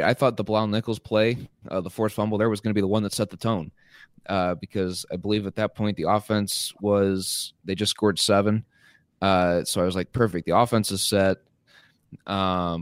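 A hoarse man co-hosting a sports podcast, breaking down plays quickly with lots of "uh"s. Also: deep voice, dry recording, clean studio sound. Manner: fast, filler-heavy analysis with many "uh"s. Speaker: podcast co-host.

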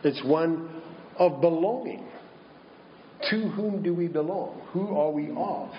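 Male preacher, slightly high voice, measured sermon delivery, muffled roomy recording. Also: a little hiss or hum. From Minnesota. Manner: slow and deliberate, with rhetorical questions.

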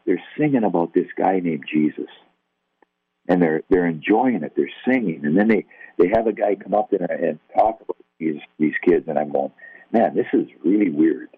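Gravelly deep older man telling his story. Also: lively intonation, moderate pace, no room sound. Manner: conversational, self-deprecating, acts out quoted dialogue. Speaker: guest telling his testimony. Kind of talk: personal testimony storytelling. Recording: tinny, phone-like, dry.

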